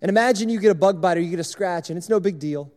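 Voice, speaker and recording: A man's voice: sits high, very fast, darkish tone, big-room sound. A young man preaching a sermon to a room, in a conversational, illustrative way, repeating his points. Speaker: speaker at a church service.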